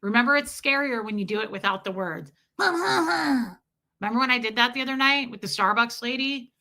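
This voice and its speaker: A woman hosting a casual livestream, reading out viewer comments and telling stories in a profane, animated way. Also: fairly high pitch, brisk. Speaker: livestream host.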